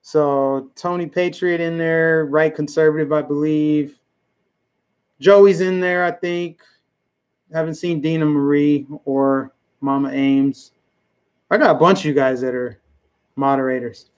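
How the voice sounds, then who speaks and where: A man's voice: a little high, steady tone, a little slow, darkish tone, clean tone. A man hosting a political commentary livestream, talking emphatically and repeating his points while chatting with his viewers. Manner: emphatic and repetitive, chatting with the live chat. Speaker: livestream host.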